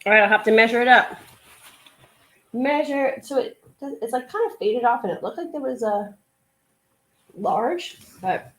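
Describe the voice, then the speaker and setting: A woman's voice: fairly high pitch, lively intonation, measured pace, long pauses, a bit bright. A woman hosting a casual live stream at home, chatting in a rambling way with many fillers while she sorts clothes to resell. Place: at home, sorting a pile of clothes.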